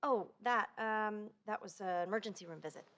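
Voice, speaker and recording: A woman's voice: medium pitch, normal speed, a bit bright, lightly acted. A woman playing an evasive young wife. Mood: defensive. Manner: evasive, defensive. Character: young wife defensive about her debt. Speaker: sitcom wife.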